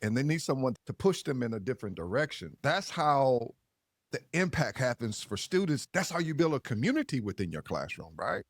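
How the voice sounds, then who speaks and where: A man's voice: medium pitch, sing-song, fairly quick, no echo, clean studio sound. Affirming man hosting an interview. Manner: reflective, affirming, laughs between points. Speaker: podcast host. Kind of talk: interview talk.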